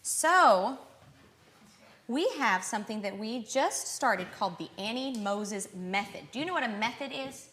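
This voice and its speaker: A woman's voice: a little high, lively intonation, a little slow, a bit bright, roomy sound. A young woman giving a live violin lesson to children, coaxing and encouraging them with questions. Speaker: violin teacher.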